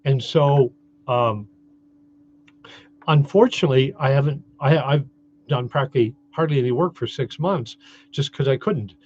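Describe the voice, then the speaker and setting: A man's voice: mid-range voice, moderate pace, long pauses, a little mellow, breathy edge, muffled recording. A Canadian man giving a cheerful, rambling vlog update, full of fillers and restarts. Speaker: vlogger.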